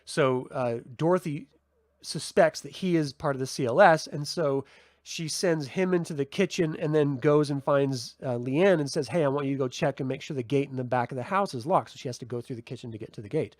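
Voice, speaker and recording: A man's voice: mid-range voice, fairly quick, a little mellow, dry recording, clean studio sound. Chatty man reviewing a TV episode. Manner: chatty, rambling, with frequent fillers and restarts. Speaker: TV review host. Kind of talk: casual solo review talk.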